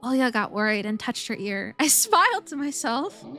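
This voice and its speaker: A woman's voice: fairly high pitch, very animated, normal speed, pushed and bright, faint music behind. A woman streamer reading a game's story aloud, playful and giggly, swearing when startled.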